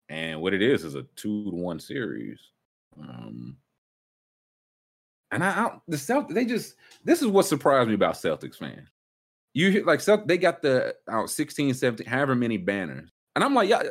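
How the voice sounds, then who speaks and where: A man hosting a casual sports talk show, ranting with big swings up in pitch when worked up. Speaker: sports podcast host.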